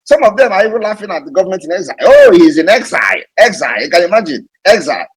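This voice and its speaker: A man's voice: high-pitched, very animated, rapid-fire, slightly rough, rough recording. A man giving a heated, mocking political address to supporters, repeating points for emphasis. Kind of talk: impassioned live audio address. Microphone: online audio space.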